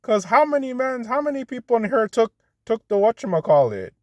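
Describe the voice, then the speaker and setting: A man mimicking a smug preacher in a high, shrill voice to mock him. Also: big pitch swings, a little fast, darkish tone, no room sound, dull audio.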